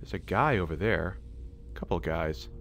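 A man's voice: low voice, moderate pace, a little hiss or hum. An American man hosting a gaming channel, chatting and laughing through casual gameplay commentary. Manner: excitable, chatty, laughs a lot.

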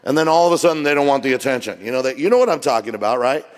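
Middle-aged male pastor, jet lagged, joking sermon style, mid-pitched, reverberant church hall. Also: very animated, very fast. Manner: joking, conversational preaching. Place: church auditorium.

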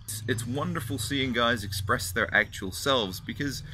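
Answering a fan's question on his own channel, this young man rants bluntly to the camera and curses without restraint. His mid-range voice has a sharp tone and a moderate pace, with slight hiss or hum audible.

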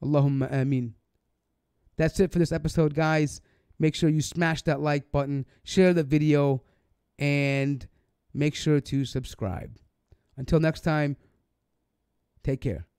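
A man's voice: fairly high pitch, steady tone, measured pace, pauses often, a little mellow, clean tone, no room sound, studio quality. A man giving sarcastic, indignant commentary on a clip for an online video.

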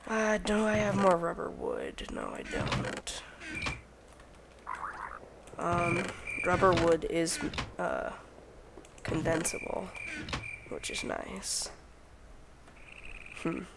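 A man's voice: high-pitched, sing-song, very slow, creaky, pauses often, very noisy. A young man hosting a casual game let's play, talking to himself as he crafts and counting under his breath. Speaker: gaming channel host.

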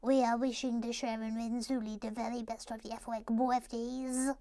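Woman doing a chirpy little woman, high voice, bright, quick chatter. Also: level tone, close to an everyday voice.

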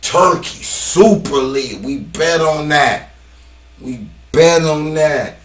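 A man hosting a sports betting channel, calling out team names in long, loud, high shouts between low mumbled asides, slangy and casual. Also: slow pace. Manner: slangy, keeps saying "boy".

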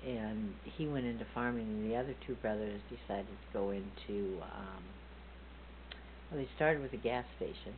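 An older woman with a strikingly low voice tells family stories in a loose, rambling way, stopping to correct herself and laugh. The sound is thin and tinny like a phone line, with a faint hum underneath. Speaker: family storyteller. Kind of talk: casual reminiscing. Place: front porch, outdoors.

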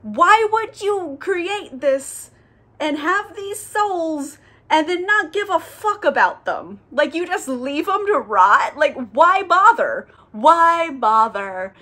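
A woman's voice: fairly high pitch, steady tone, moderate pace, fairly bright tone. A woman doing an exasperated, indignant male angel. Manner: exasperated, incredulous questioning.

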